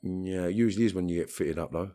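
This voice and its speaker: Recounting stories in an interview, a fast-talking man from London speaks in a low, warm voice. His manner is frank and streetwise, punctuated by flurries of cursing.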